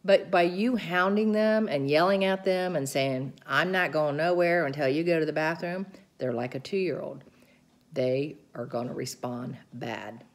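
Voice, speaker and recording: A woman's voice: lowish voice, a little mellow. Earnest woman explaining caregiving tips. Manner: earnest, explanatory, describes hand gestures as she talks. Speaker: caregiver sharing seminar notes. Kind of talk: informal talk recounting a seminar.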